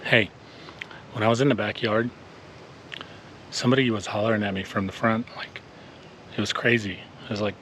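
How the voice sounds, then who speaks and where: A man's voice: on the low side, fairly quick, long pauses, a bit bright, lo-fi sound, slight background noise. A man chatting casually as a lawn care vlogger, telling stories to his viewers outdoors. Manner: chatty, storytelling, addresses viewers as ninjas. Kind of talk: casual vlog narration. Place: outdoors at a yard.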